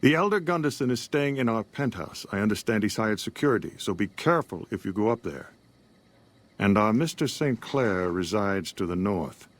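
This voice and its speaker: An actor playing a polite, formal male hotel host who speaks in a courteous, measured way in a video game. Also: fairly low pitch, expressive.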